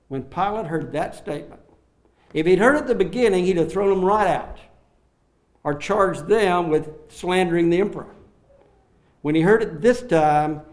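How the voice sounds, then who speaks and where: A man preaching an expository sermon, acting out the quoted lines with swings in loudness and slowing down on key phrases. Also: high-pitched. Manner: dramatic, acts out the quoted lines with sharp rises and drops in loudness.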